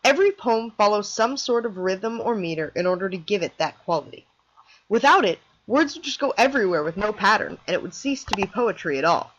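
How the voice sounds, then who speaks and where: A woman reading a scripted lesson aloud as narration for an animated video, in a clear, explanatory way. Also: medium pitch, brisk, lo-fi sound.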